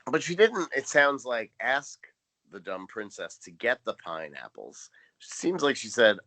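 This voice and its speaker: Dry, crisp-voiced man podcaster. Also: fairly low pitch, measured pace, no room sound. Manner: dry, wry storytelling, deadpan jokes. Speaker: podcast co-host. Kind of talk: casual recap chat.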